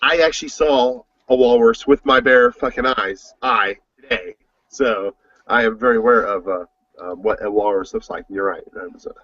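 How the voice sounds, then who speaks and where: A man co-hosting a casual podcast chat, joking and sarcastic with quick asides. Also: mid-range voice, fairly bright tone, no echo. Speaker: podcast co-host. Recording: dull lo-fi dry sound, husky.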